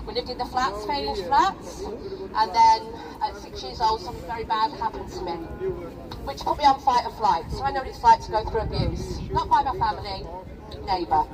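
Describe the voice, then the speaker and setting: A woman's voice: on the high side, moderate pace. A middle-aged woman from England gives an emotional, rallying speech at a protest and keeps asking the crowd "yeah?". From England (Rochdale). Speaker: protest speaker. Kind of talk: impassioned public speech. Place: outdoor street protest. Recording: distant outdoor crowd recording.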